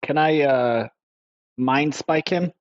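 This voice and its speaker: A man's voice: fairly high pitch, slow pace. A man plays a comedic tabletop game, talking laid back with frequent hesitations. The sound is dull and lo-fi. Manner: casual, hesitant, with fillers. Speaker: player. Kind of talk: casual tabletop play.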